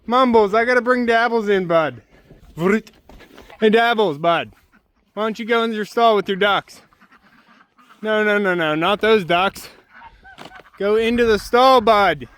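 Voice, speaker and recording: This homesteader and channel host has a bright, high voice that sounds clear and resonant, and he takes his time with long pauses. In his casual vlog he sing-songs coaxingly to his birds and dog before switching to plain how-to explanations.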